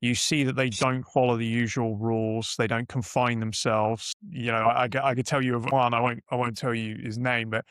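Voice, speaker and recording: A man's voice: mid-range voice, level tone, moderate pace, hardly any pauses, a bit bright, clean tone, no room sound, clean studio sound. A middle-aged British man, a podcast guest, telling business anecdotes in a casual, rambling way with frequent restarts. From United Kingdom. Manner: rambling, self-correcting anecdotes. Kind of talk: casual interview storytelling.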